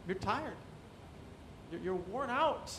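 High-voiced preaching pastor. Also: male voice, lively intonation, takes it slowly, background noise. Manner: preaching with rhetorical questions, acting out quoted voices. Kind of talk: sermon.

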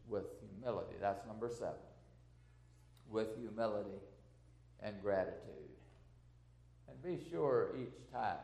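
Older male preacher, sermon, slow deliberate delivery, numbered points, questions to the congregation, roomy church echo. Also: mid-range voice, gravelly. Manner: earnest and unhurried, lists numbered points and asks the congregation questions.

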